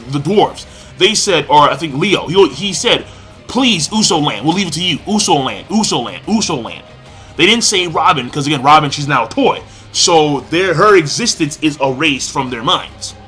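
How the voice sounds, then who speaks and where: A young man giving a fired-up, profane, rambling manga review with shouted outbursts. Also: on the high side. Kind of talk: ranting commentary.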